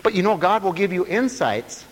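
A man preaching a lively sermon, breaking into laughter and playful asides. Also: normal speed, long reverb tail. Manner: animated, swooping pitch, laughing asides.

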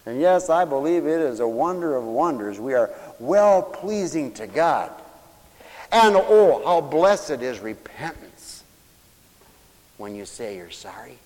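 Animated, emotional male preacher in a hall. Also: on the high side, takes it slowly. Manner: emotional, exclamatory, swings between hushed and loud. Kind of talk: sermon.

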